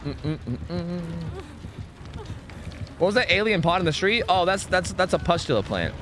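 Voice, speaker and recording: A young man streaming a game, chatting casually with his viewers, swearing freely and trailing into quick asides. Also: high-pitched, animated, fairly bright tone, a little hiss or hum. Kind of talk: casual gaming commentary.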